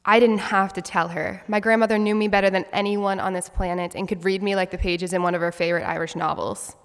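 A woman's voice: mid-range voice, little pitch movement, quick pace, a bit bright. A woman in her twenties telling a personal story as a speech, in an earnest, reflective way. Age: 20s. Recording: long hall reverb.

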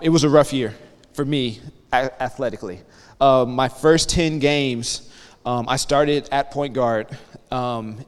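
A guest speaker in his thirties, with a mid-range voice, addresses students in a campus hall where the sound carries a long reverb. He delivers a motivational talk full of lively stories, telling them energetically and frequently checking in with his listeners.

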